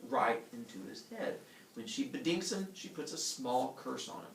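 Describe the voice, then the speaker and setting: A man telling a myth as a comic story, playful and animated, with his own sound effects. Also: mid-range voice, normal speed, vocal fry, echoey room, distant mic, a little hiss or hum, poor audio.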